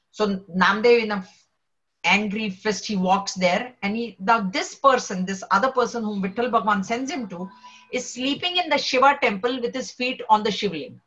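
A woman, a spiritual teacher telling a devotional story in a lively way and acting out the characters' voices. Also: on the high side, normal speed, dull audio.

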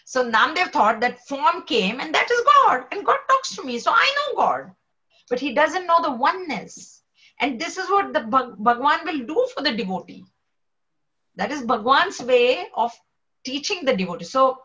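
A woman, a spiritual teacher telling a devotional story in a lively way and acting out the characters' voices. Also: sits high, highs cut off.

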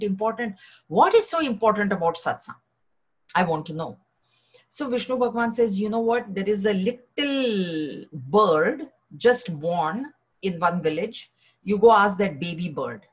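Woman, devotional storyteller, animated, acts out characters, breathy, muffled recording. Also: on the low side. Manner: animated, voices characters, laughs while telling.

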